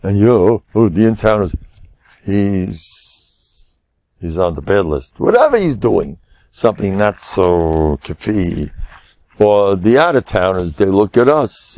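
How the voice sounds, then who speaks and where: An older man, giving an animated storytelling class as a rabbi. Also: deep voice, measured pace, vocal fry, no echo. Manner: animated, acts out quotes in raised voices, laughs often. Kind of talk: lively storytelling lecture.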